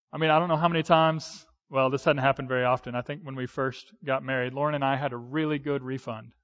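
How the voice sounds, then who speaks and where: Conversational man preaching, slightly high voice. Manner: conversational, with hesitant fillers and restarts. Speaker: pastor. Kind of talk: sermon. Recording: dull lo-fi sound.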